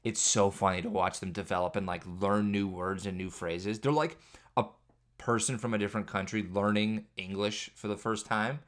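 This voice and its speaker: A man with a fairly low voice hosts a podcast as a solo, casual comedic monologue. He rambles from one parenting story to the next, joking and exaggerating as he goes. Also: fairly even intonation, moderate pace. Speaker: podcast host.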